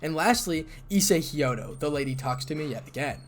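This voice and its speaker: A man narrating a first-person fan story in a casual, conversational tone. His voice sits a bit high and swings lively in pitch. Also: fairly quick, few pauses.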